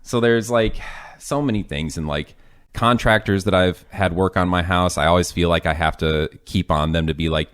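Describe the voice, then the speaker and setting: A man's voice: low voice, fairly even intonation, normal speed, fairly bright tone, clean tone. A young man from the Chicago area, co-hosting a casual chat show and ranting with restarts. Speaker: podcast co-host.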